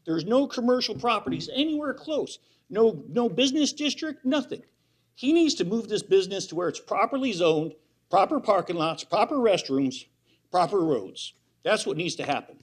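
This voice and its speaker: A man's voice: high voice, sing-song, normal speed. A man giving public comment at a county hearing, worked up and insistent, repeating his complaints.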